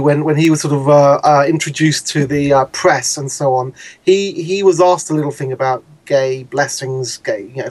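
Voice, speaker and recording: A man giving news commentary in casual chat, lively and wry with quick asides. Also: a little high. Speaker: guest commentator.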